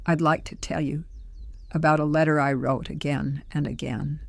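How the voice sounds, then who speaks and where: An older woman voicing a grandmother, telling a story in a gentle, soothing way. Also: low-pitched, flat delivery, moderate pace, creaky, no room sound. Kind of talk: slow scripted storytelling.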